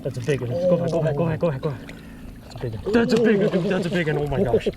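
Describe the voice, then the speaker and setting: A young man filming his fishing trip on a creek, talking casually and excitedly, repeating his exclamations and calling his friends bro and dude. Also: fairly high pitch, quick pace. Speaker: fishing vlogger. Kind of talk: casual outdoor fishing commentary. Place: outdoors on a creek. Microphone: action camera. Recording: outdoor camera audio with loud water noise.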